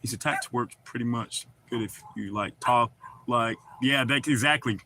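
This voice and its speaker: Rambling Southern man with a bright voice. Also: mid-range voice, normal speed, slight background noise. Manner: rambling, loose and folksy, with casual swearing. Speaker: livestream host. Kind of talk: casual livestream chat, reading viewer comments.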